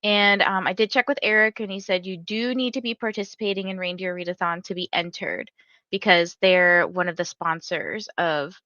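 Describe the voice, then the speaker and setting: A woman's voice: on the low side, steady tone, moderate pace, bright, forceful tone, no echo, muffled recording. A young woman hosting a reading livestream, telling a story in chatty casual talk full of "like" fillers. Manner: chatty storytelling, many "like" fillers, laughs often. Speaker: livestream host of reading sprints. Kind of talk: casual chat to livestream viewers.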